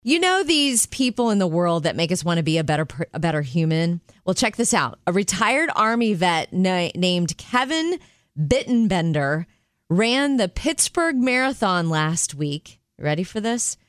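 A woman's voice: on the low side, big pitch swings, moderate pace, clear, resonant tone, no echo, clean studio sound. A middle-aged woman co-hosting a talk show, chatting upbeat and reading short news items. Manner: upbeat, reads news teasers. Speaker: radio show co-host. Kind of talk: casual chat.

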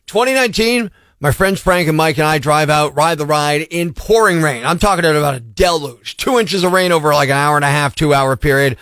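A brash, boastful morning radio host with a notably high voice tells his tale in quick, punchy bursts. The sound is dry and close, with no room around it. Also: fairly bright tone, no room sound. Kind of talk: energetic radio storytelling. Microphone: studio microphone.

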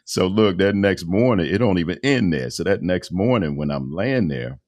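A man in his fifties, a radio host and voice-over artist, telling his story in a casual, animated interview with colloquial phrasing. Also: deep voice, normal speed. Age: 50s.

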